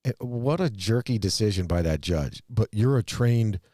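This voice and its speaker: A man co-hosting a casual movie-review podcast, talking in long, animated, rambling stretches. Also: on the low side, moderate pace, no echo, clean studio sound. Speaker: podcast co-host.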